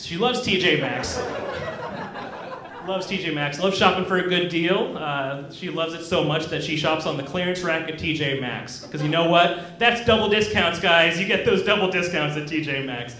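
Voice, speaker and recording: A man's voice: on the high side, expressive, normal speed, a bit bright, slight background noise. A young man from Kansas doing a stand-up set in a comedy club, awkward and self-deprecating, hesitating with many ums. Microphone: handheld stage mic. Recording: roomy club recording. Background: audience laughter.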